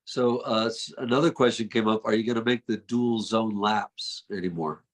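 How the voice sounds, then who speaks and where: A man's voice: lowish voice, steady tone, moderate pace. A man hosting a video call interview, passing on viewer questions in an informal, hesitant way. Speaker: host.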